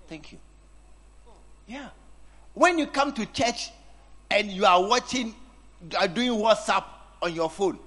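A man's voice: sits high, a bit bright. A man preaching a sermon, teasing and acting out scenes with his congregation. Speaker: pastor.

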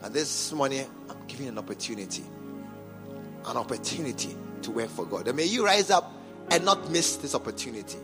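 A man with a Ghanaian English accent preaching a sermon as bishop, emphatic and repetitive, swinging from quiet asides to shouts. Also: mid-range voice, animated, brisk, big-room sound, music in the background. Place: large cathedral.

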